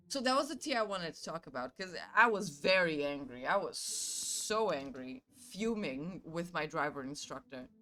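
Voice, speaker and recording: A woman's voice: mid-range voice, sharp tone. A woman streamer from Canada chatting casually with her chat, telling stories animatedly, acting out both sides and swearing freely.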